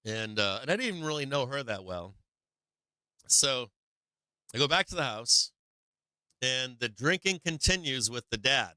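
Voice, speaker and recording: A man with a very bright, smooth and crisp voice, telling a story on a live stream. He rambles, repeats himself and swears freely. The sound is dry and close. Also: mid-range voice, animated, measured pace, long pauses, dry recording, poor audio. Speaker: host of a live stock market show.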